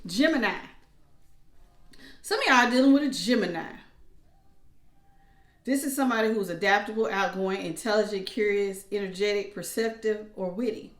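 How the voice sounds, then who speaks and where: A woman giving a casual tarot reading in a chatty, animated way, with features and acted-out asides. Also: mid-range voice, moderate pace, pauses often. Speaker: tarot reader. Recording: echoey room.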